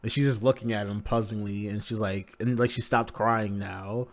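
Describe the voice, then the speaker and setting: A man's voice: on the low side, steady tone, normal speed. A man hosting a live manga reaction, narrating the pages casually and crudely with many fillers.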